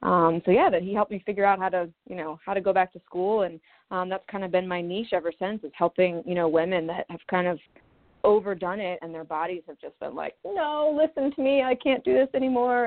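A woman's voice: fairly low pitch, steady tone, brisk. A woman in her thirties from Maryland, a naturopathic doctor telling her own story in a chatty interview, acting out quotes as she goes. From Maryland, USA. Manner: chatty, with quoted asides and laughs. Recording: phone-line sound.

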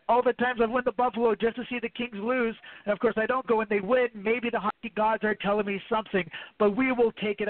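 High-voiced man hosting sports radio. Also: no echo. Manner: hyped, playful announcer-style banter. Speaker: host. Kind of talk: casual sports talk radio. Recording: dry, phone-like lo-fi audio.

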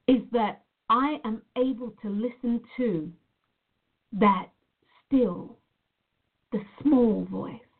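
Woman, fairly high voice, earnest reflective spiritual talk, casual address to viewers, tinny phone-like sound. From Nevada. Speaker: reflexologist sharing a personal reflection.

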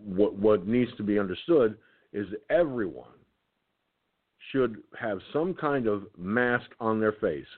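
A tired man hosting an internet radio show, reading a document aloud haltingly with his own comments, stumbling and restarting words. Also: on the low side, expressive. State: tired, keeps yawning. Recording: tinny phone-like line.

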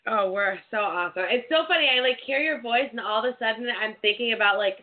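A woman's voice: fairly high pitch, fast. A young adult woman hosting a casual live interview, bubbly and gushing, filling her talk with "like". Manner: bubbly, gushing, says "like" often. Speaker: show host. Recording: tinny phone-like line.

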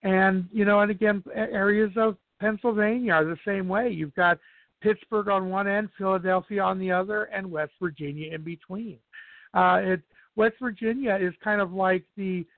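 A man's voice: high-pitched, steady tone, moderate pace, dry recording. A man as a podcast guest in casual chat, rambling through anecdotes with many restarts. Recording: dry tinny phone-like sound.

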